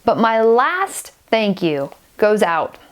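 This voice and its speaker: A woman's voice: medium pitch, sing-song, slow pace, clear, resonant tone. Woman podcaster in her 40s, stuffy nose, rambling and gushing, mid-range voice. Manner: chatty, gushing, rambling with many restarts. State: stuffy and sniffly. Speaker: knitting podcaster. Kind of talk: casual chat to camera.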